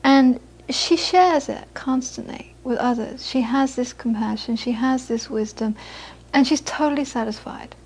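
A woman teaches as a Buddhist teacher, her voice bright and high. She tells anecdotes with animated quoted voices and drops to a soft, hushed tone for reflection. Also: measured pace, hardly any pauses, husky. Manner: storytelling, animated when quoting, soft and hushed on inner peace. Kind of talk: dharma talk with anecdotes.

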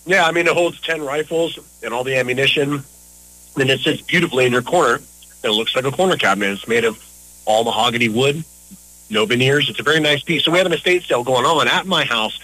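A man's voice: mid-range voice, fast, bright, forceful tone, low-quality recording. A middle-aged man talking casually as an interview guest, earnest and a bit rambling. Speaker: interview guest, local business owner.

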